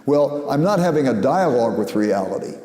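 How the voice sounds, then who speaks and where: Older man, academic lecture, measured and reflective, mellow tone, roomy echo. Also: mid-range voice, big pitch swings. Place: lecture hall. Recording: echoey hall.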